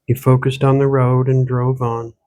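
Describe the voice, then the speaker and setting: A man, the author, reading his own gothic horror novel aloud in steady, measured storytelling. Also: mid-range voice. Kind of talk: audiobook narration.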